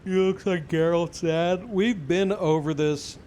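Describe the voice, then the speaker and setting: Here a young man talks loosely with stream viewers while gaming, relaxed, rambling and full of profanity. He speaks slowly in a high, mellow voice, with a slight hiss or hum underneath.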